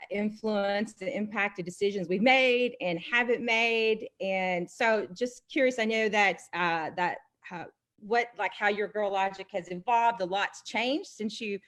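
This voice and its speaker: A woman's voice: medium pitch, a bit bright. Rambling, hesitant woman host. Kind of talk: casual interview chat.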